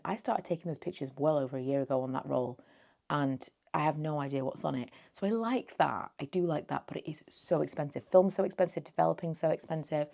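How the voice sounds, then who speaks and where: Low, gravelly woman chatting. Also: warm tone. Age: late 30s. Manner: chatty and rambling, a little slurred from just waking. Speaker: beauty vlogger. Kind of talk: casual thrift haul chat.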